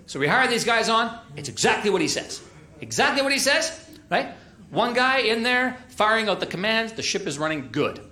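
A man's voice: high voice, very animated, normal speed, sharp tone, echoey room. A man doing stand-up storytelling in a chatty, self-deprecating way, full of "uh" and "right?", on a comedy club stage.

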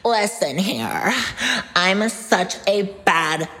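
A woman's voice: lowish voice, expressive, very slow, a bit bright, full character voice. A woman voicing a campy, sassy diva with a drawling, purring delivery, recorded with a long reverb.

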